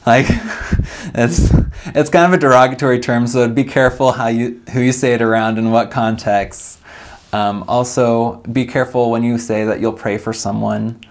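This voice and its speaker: A man's voice: medium pitch, normal speed. A man explaining things in a casual, wry, joking way, with frequent "um" fillers.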